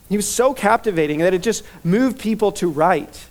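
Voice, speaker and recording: Eager high-voiced male preacher. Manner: enthusiastic, animated storytelling with quick repetitions. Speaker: pastor. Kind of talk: sermon.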